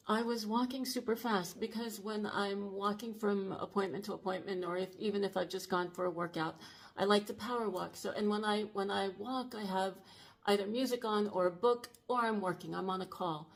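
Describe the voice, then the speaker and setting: Earnest, halting woman around sixty. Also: mid-range voice, fairly even intonation. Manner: earnest, urgent, halting with frequent restarts. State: emotional, shaken. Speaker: channel host. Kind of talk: personal storytelling to camera.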